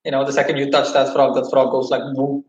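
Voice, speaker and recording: A man tells his livestream viewers a long story, rambling, swearing, and restarting as he animatedly retells it. He talks fast at medium pitch, and the recording sounds roomy and slightly dull.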